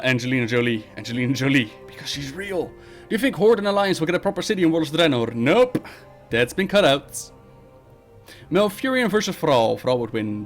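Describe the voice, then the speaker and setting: A male streamer runs a casual live Q&A, reading questions from chat and answering them with short, blunt replies. His voice sits a touch high for a man and swings widely in pitch. Soft music plays faintly underneath. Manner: reads viewer questions aloud, then answers bluntly and briskly.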